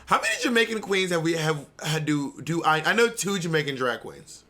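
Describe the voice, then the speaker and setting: A man's voice: on the high side, expressive, fairly quick, sharp tone, soft background music. A man co-hosting a podcast, talking in teasing, emphatic, sassy casual chat. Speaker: podcast co-host.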